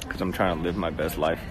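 Man hosting phone livestream, deep voice that swings widely, rambling jokey chat, noisy background. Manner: rambling, jokey, greets viewers. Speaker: livestream host.

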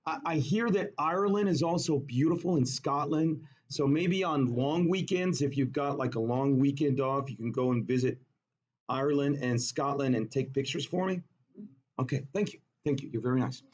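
A man's voice: mid-range voice, moderate pace. A man teaching a chemistry class, telling a playful story and quizzing students, in a dull lo-fi recording. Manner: animated, jokey, asks the class questions.

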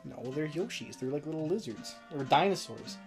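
A man's voice: fairly high pitch, lively intonation, normal speed, vocal fry, darkish tone. A young man co-hosting a let's play, teasing his friend sarcastically and cursing, over game music. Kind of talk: casual gaming banter. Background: video game music.

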